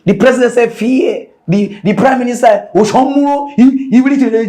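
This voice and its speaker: A man with a Nigerian Pidgin English accent hosting a comic mock news show, animated and jokey, dropping to whispers and rising to shouts. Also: extremely high pitch, a little fast.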